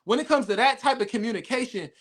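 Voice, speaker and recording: High, bright young man arguing bluntly. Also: fast. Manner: blunt, challenging, fond of rhetorical questions. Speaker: radio show co-host. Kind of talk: heated casual debate.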